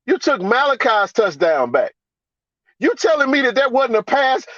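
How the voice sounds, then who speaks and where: A man's voice: a bit bright, no room sound. A man hosting a live sports reaction stream, ranting in a fired-up, profane way and repeating himself for emphasis. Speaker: podcast host. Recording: dry, dull low-fi sound.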